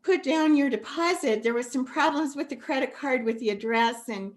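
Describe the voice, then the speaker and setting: A woman's voice: sits high, normal speed. A woman hosting a masterclass over a video call, talking affectionately and getting emotional, calling the listener sweetie and honey. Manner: warm, affectionate, tearful at times. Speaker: masterclass host. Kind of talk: live video call talk.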